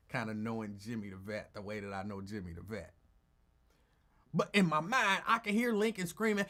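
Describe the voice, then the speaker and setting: Animated man telling a story on talk radio. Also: medium pitch, a little fast. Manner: animated, teasing, acts out quotes. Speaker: radio talk show host. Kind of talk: casual storytelling.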